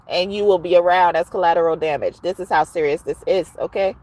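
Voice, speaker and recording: A woman giving a casual, expressive tarot reading, at times reciting rhymes. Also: lowish voice, a little fast, few pauses. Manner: expressive, chatty, rhyming recital. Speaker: tarot reader.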